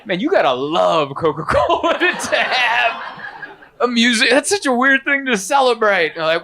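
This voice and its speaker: A young man performing a stand-up comedy set, telling a rambling, animated story with lots of fillers. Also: very high-pitched, normal speed, noisy background.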